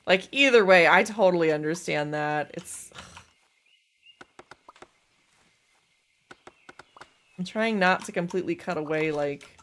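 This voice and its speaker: A young woman chatting casually while livestreaming a game, self-deprecating and quick to laugh. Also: on the low side, fairly bright tone. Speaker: streamer. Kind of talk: casual gaming livestream chat.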